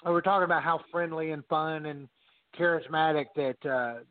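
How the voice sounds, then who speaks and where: A man's voice: on the high side, normal speed, no echo. A man co-hosting a podcast, talking casually and animatedly, swearing freely. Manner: animated, swears freely, quotes others in voices. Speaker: podcast co-host. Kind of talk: casual profane chat. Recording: dry, phone-like narrow sound.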